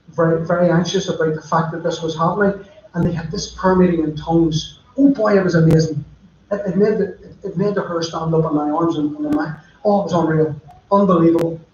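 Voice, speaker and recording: A man preaching, his voice sitting a bit high for a man. He tells stories in a chatty, direct way. The sound is very echoey and muffled, like a church livestream. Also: darkish tone, a little hiss or hum. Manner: chatty storytelling, addressing listeners directly. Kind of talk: sermon.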